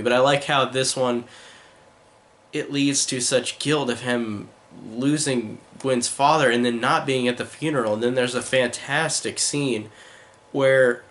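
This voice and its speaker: A man's voice: mid-range voice, fairly bright tone. A man giving a casual spoken film review, enthusiastic and rambling, with many fillers like "like" and "um".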